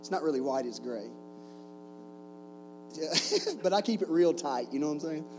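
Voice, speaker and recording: A man's voice: a little high, expressive, normal speed, dark tone, soft background music, poor audio. A man in his forties preaching to a camp group, telling stories with jokes and rhetorical questions. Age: 40s. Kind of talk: sermon with stories.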